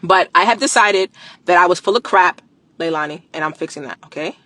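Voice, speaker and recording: A woman chatting casually on a live stream. She is animated, slangy and emphatic, repeats phrases for emphasis and laughs often. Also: fairly low pitch, fairly quick, dry recording. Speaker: livestreamer promoting a product.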